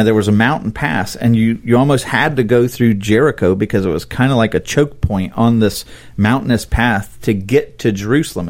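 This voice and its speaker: A man co-hosting a podcast, explaining Bible stories in a relaxed, conversational way and laughing often. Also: medium pitch. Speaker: podcast co-host. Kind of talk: casual Bible discussion.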